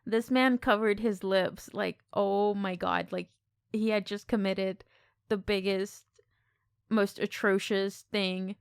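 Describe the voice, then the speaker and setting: Woman on a podcast, smooth clear voice, close dry mic, lively and a bit sweary. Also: medium pitch, takes it slowly, no room sound. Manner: expressive, swears casually. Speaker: podcast co-host. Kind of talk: casual film discussion.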